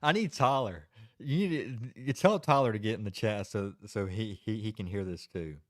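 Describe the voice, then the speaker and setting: Male streamer, low voice, casual, laughs easily, keeps stalling. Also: normal speed, dry recording, studio quality. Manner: chatty, giggly, keeps stalling. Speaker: livestream host. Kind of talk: casual livestream chat.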